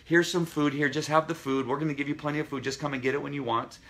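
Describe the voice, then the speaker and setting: A man playing a soft-hearted dog owner who fusses over a nervous dog and spoils it. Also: on the high side, steady tone, fast talker, slight background noise, pitched above the performer's own voice. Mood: coddling. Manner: coddling, soothing.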